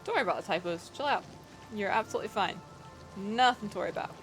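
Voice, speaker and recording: A woman's voice: medium pitch, expressive, fast, a bit bright, faint music behind. A woman streaming a video game, chatting casually, reacting to the game and greeting viewers in a playful, self-deprecating way. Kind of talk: casual gameplay commentary.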